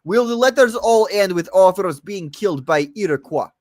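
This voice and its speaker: A man with a slightly high voice trades crude, mocking jokes in loose podcast banter. The sound is close and dry, with no room around it. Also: animated, normal speed, a little mellow, dry recording. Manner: mocking, jokey, teasing. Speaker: podcast co-host.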